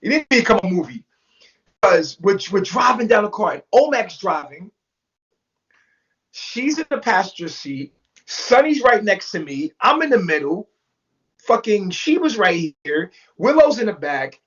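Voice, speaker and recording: An interview guest with a high, slightly slow voice tells a story in casual, profane language. He is animated and acts out what other people said, using their voices. The recording sounds dull and lo-fi.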